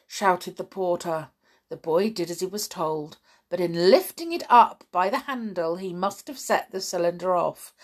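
A woman reading a children's storybook aloud with slow, dramatic, expressive delivery. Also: on the low side. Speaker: narrator.

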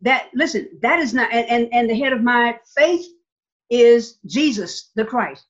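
With a fairly high pitch and lively intonation, an unhurried woman state legislator from Nevada shares a story in an interview. Her manner is emphatic, full of repeated words and "okay?" check-ins, captured on slightly dull, lo-fi audio.

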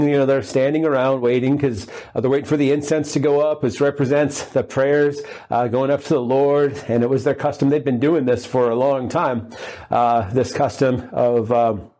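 A male pastor delivers a sermon in a relaxed, conversational way. His voice is mellow and warm, at a middle pitch. He fills his talk with fillers and humorous asides. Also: moderate pace.

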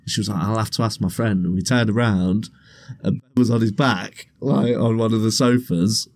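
A man's voice: on the low side, normal speed, a little mellow. A young man, co-hosting a podcast and telling a laughing, swearing anecdote. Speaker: podcast co-host. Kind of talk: casual chat, storytelling.

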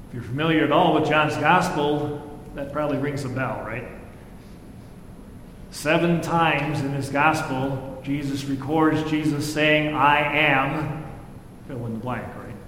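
A pastor giving a sermon, reading scripture and then preaching in a conversational way, acting out the quoted lines with feeling. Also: male voice, a little slow, fairly bright tone. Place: church sanctuary. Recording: echoey hall with faint rumble.

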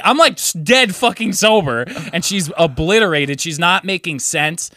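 Bright-voiced man telling a wild story. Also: normal speed, hardly any pauses. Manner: animated storyteller, swears freely, acts out friends in high voices. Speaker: podcast co-host. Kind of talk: casual storytelling chat.

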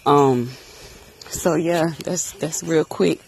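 A woman's voice: low voice, takes it slowly, gravelly, darkish tone. A woman hosting a casual, teasing chat from inside a car. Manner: playful, teasing. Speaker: vlog host. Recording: car road noise.

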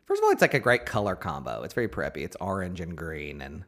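Guy cohosting a podcast, talks fast, bouncy low voice, goofy and self-mocking. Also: big pitch swings, fairly bright tone. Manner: playful, rambling, self-mocking. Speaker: podcast co-host. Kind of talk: casual banter. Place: Nashville.

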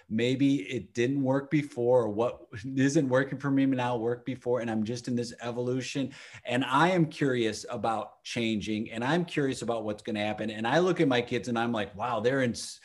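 A man in his thirties, a father, talking in a reflective, earnest way in a casual chat and laughing easily. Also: medium pitch.

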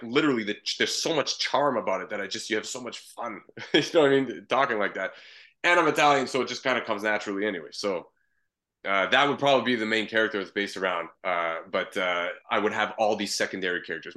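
A man's voice: on the low side, pushed and bright. A man from Canada, a comedian and voice actor, talking easily as a podcast guest with many restarts. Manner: easygoing, rambling, with frequent restarts. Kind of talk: casual interview chat.

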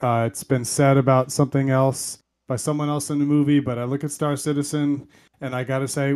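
A man's voice: medium pitch, little pitch movement, a little fast, darkish tone, smooth. Easygoing man, mid-range voice. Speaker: podcast co-host. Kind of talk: casual chat.

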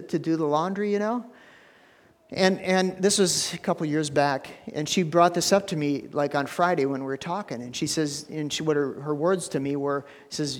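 A middle-aged man preaching a sermon as pastor, folksy and repeating his words, rising to loud preaching. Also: a little high. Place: church sanctuary. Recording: long church hall reverb.

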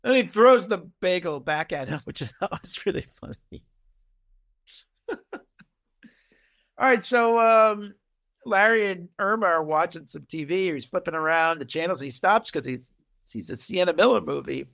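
On a podcast he co-hosts, a man with a high, creaky voice recaps a TV episode at a normal pace, leaving long pauses. He retells it in a casual, animated way, acting out the characters' lines and laughing often.

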